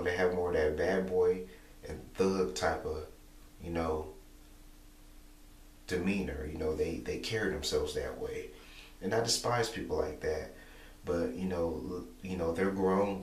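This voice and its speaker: A young man talking casually to camera, repeating himself and filling pauses with "you know". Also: deep voice, fairly even intonation. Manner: repetitive, rambling, many "you know" fillers. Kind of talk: casual monologue vlog. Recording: echoey room, distant mic, faint hum.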